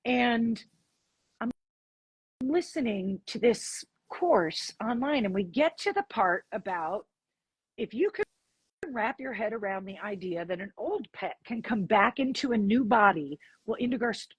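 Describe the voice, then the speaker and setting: Very husky woman telling a story. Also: medium pitch, unhurried, no room sound. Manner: animated, acts out dialogue in her stories. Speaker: podcast guest. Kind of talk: storytelling in an interview.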